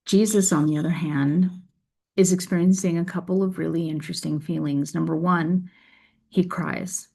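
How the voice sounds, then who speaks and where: Low, gravelly-voiced woman reflecting earnestly. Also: steady tone, normal speed, warm tone. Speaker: faith video creator. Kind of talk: scripture reading and reflective talk.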